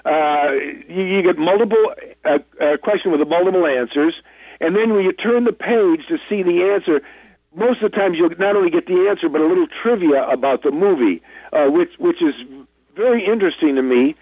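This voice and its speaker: A man's voice: sits high, expressive, a little fast, dry recording. A man, an actor guest, telling rambling, self-deprecating stories in a casual interview over the phone. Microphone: telephone. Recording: tinny dry phone line.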